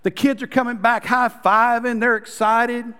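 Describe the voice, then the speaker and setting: A male pastor preaching a story-driven sermon, calling the congregation "guys" and dropping to soft, intimate tones. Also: very high-pitched, level tone, normal speed, smooth, long reverb tail.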